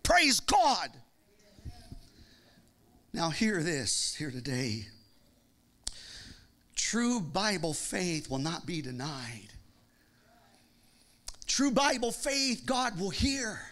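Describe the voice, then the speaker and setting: A male pastor preaching a sermon with a Midwestern American accent, rising from calm teaching to fervent shouted, sing-song cadences. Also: fairly high pitch, slow pace, pauses often.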